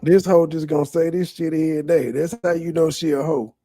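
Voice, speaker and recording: Male reaction host, mellow dark tone with fry, profane mocking commentary. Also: on the high side, steady tone, a little fast, no room sound, clean studio sound. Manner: crude, sarcastic, heavy cursing.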